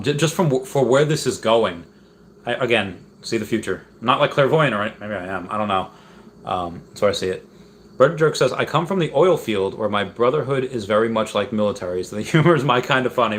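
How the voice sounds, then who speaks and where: A young man casually hosting a livestream, reading viewer comments in a relaxed, rambling way, with a sore throat from talking a long time. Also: on the low side, slight background noise. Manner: relaxed, rambling, frequent ums and restarts. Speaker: livestream host.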